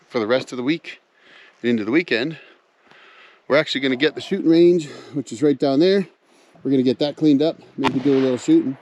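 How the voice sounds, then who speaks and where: A man chatting casually to his viewers as he walks around wooded land outdoors, talking in a folksy way and calling them folks. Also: medium pitch. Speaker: vlogger, off-grid cabin builder. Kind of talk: casual vlog narration while walking.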